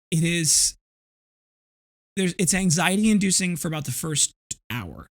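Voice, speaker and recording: A man's voice: on the high side, fairly bright tone. A man in his thirties hosting a casual solo podcast, talking in a rambling, reflective way full of restarts. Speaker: podcast host.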